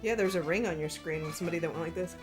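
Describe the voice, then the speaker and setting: A woman's voice: fairly low pitch, rapid-fire. A woman chatting playfully and giggling as co-host beside a game streamer. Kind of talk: casual chat. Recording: faint game music behind.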